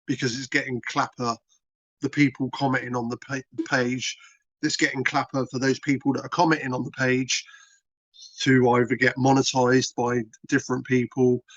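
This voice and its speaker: As an interview guest, this British man, who creates content, chats casually, repeating himself and wandering in plain language. His voice is mid-range in pitch and a bit bright. There's no echo, and the recording is dull and dry.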